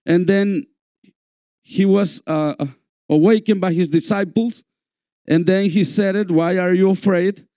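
A man preaching a sermon in a church, slow and repetitive, calling out for amens. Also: high voice, steady tone, mellow, no room sound, studio quality. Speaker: pastor.

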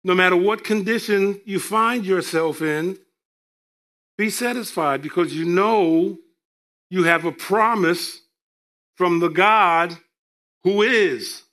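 A male preacher delivering a sermon, reading scripture with emphatic, drawn-out delivery and joking asides. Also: high-pitched, a bit bright.

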